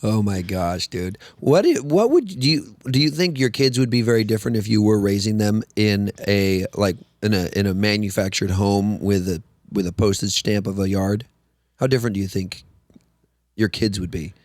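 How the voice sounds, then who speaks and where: A man's voice: lowish voice, a little mellow, no room sound. A man co-hosting a podcast in casual chat, cracking jokes and asking questions. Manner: joking, quick reactions. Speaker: podcast co-host.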